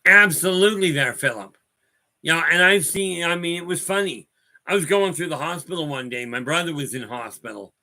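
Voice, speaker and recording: Man, livestream host, bright piercing tone, slightly high voice, rambling storyteller. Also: fairly quick. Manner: rambling storyteller, addresses viewers by name. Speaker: host of a spiritual talk stream. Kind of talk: casual talk answering viewer chat.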